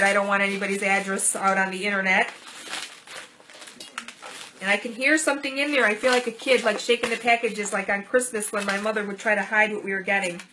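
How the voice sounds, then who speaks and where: A woman's voice: on the high side, noisy background. A middle-aged woman hosting a casual vlog, opening gifts and thanking viewers with gushing delight. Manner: gushing, warm thanks over small gifts. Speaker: channel host. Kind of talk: casual gift-unboxing vlog.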